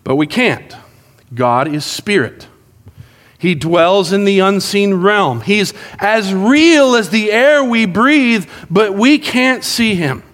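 Animated high-voiced male pastor. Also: slow. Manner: animated, joking storyteller acting out quotes. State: out of breath. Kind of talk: sermon. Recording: long hall reverb.

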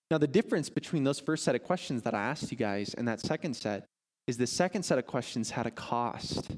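A man preaching a sermon as pastor, playfully questioning his congregation before turning to prayer. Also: mid-range voice. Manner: lively, audience-engaging, playful questions. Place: church sanctuary.

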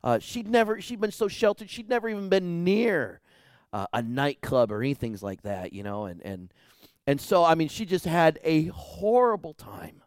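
Animated male pastor, higher pitch. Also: normal speed, clean tone, no room sound, clean studio sound. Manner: animated storytelling, acting out dialogue; swings from loud to hushed. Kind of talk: sermon.

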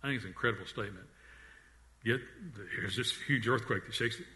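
Low-voiced man preaching a sermon. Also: quick pace. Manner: earnest preaching, dropping to a hush on quiet lines; frequent restarts and repeated words. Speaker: pastor.

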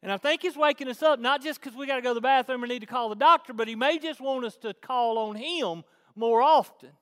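A man's voice: very high-pitched, fairly quick, a bit bright. A man preaching a sermon to his church, conversational one moment and emphatic the next. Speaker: pastor. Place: large church hall. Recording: long hall reverb.

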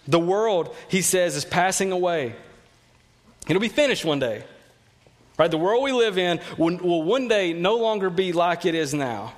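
A man's voice: sits high, expressive, a little slow. A man preaching a sermon, telling personal stories in a conversational way and often repeating words.

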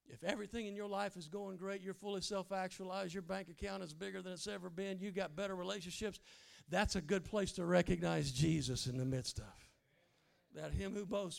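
A middle-aged man preaching an animated sermon, swinging from loud acted lines to low, hushed asides. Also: vocal fry. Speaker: guest preacher.

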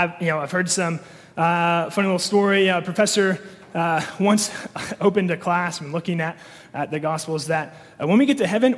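Male pastor, higher pitch, casual sermon delivery with frequent fillers; long reverb of a church hall. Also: a bit bright. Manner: conversational, many fillers and restarts.

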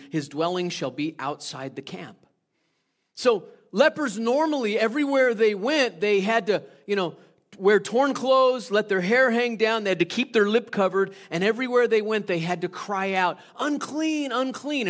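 A man preaching a sermon in a conversational way, putting questions to the congregation and moving between loud stretches and hushed ones. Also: high-pitched. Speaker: pastor.

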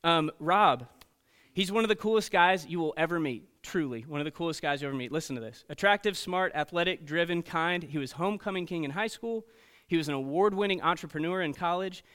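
A man preaching to teenagers as a youth pastor, telling stories in an animated way and checking in often with "okay?" and "right?". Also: a little high, brisk, clear, resonant tone. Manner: storytelling, animated, frequent "okay?" and "right?" asides. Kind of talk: sermon to teenagers.

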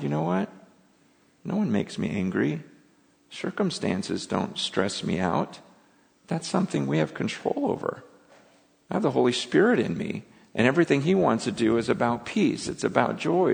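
A man's voice: medium pitch, gravelly. A man preaching a sermon in an earnest, conversational way, often restarting and stumbling over his words. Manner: earnest, conversational, with many restarts and emotional asides. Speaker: pastor. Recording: long hall reverb.

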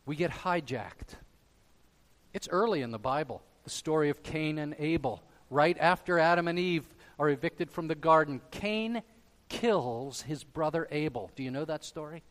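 A man's voice: a little high, normal speed. Emphatic preaching man in a reverberant hall. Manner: emphatic preaching, swinging between loud stresses and quiet drops. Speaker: pastor. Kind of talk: sermon.

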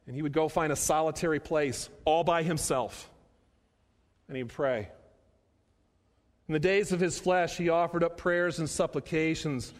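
A man preaching a sermon, emphatic, repeating phrases and slowing down to stress key words. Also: on the high side. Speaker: pastor. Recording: long hall reverb.

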